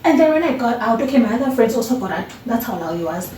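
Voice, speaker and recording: A young South African woman talking through a casual storytime vlog in a chatty, expressive way with lots of fillers. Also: fairly high pitch, quick pace, far from the mic. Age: young adult. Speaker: university student vlogger. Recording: echoey room, voice off-mic, faint background hiss.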